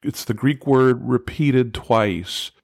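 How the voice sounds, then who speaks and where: A man's voice: medium pitch, takes it slowly, no room sound. A man giving a devotional Bible lesson, taking his time over each phrase and stressing the words he wants remembered. His voice sits in an ordinary middle register. The sound is dry and close, with no room around it. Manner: earnest, emphatic on key words, asks listeners directly. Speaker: Bible teacher.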